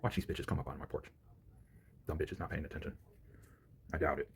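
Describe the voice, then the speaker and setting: A man ranting to the camera in a profane solo monologue, angry, swinging from low mutters to near-shouts. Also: steady tone, brisk, gravelly, a little hiss or hum.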